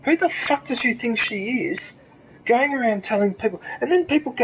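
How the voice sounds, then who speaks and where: A man's voice: very high voice, fairly quick, slight background noise, rough recording. An Australian man streaming a game and ranting angrily, with lots of swearing and rhetorical questions. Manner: angry, profane, ranting. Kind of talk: ranting commentary over gameplay.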